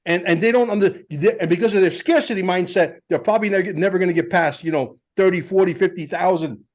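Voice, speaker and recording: A man hosting a casual podcast, talking in a lively, emphatic and blunt way. His voice sits fairly high for a man, and he tells his stories with energy. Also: fast. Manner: animated storyteller, emphatic and blunt. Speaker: podcast host.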